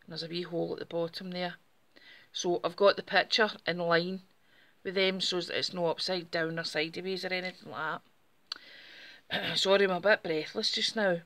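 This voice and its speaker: Bright-voiced woman crafter. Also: lowish voice, flat delivery, normal speed, long pauses. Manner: chatty, friendly, explaining step by step. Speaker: craft channel host. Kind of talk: casual craft tutorial.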